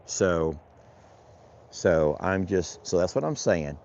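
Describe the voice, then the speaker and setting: In a dull lo-fi recording made outside, with a little hiss or hum, a man with a deep, somewhat mellow voice talks slowly but animatedly. He's a rancher doing chores, vlogging in a rambling, folksy manner and addressing his animals.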